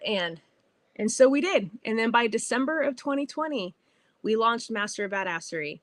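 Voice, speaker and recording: A bubbly, middle-aged woman hosting a podcast, telling a personal story in a casual, animated way. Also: a little high, normal speed, no room sound. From California. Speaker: podcast host.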